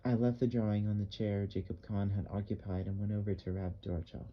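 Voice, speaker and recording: A man narrating an audiobook in the first person, with measured, even storytelling. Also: fairly low pitch, dull audio.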